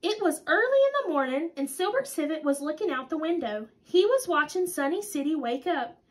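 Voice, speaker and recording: A woman reading a children's story aloud in an expressive, sing-song, deliberate way. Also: high-pitched. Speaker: storybook reader.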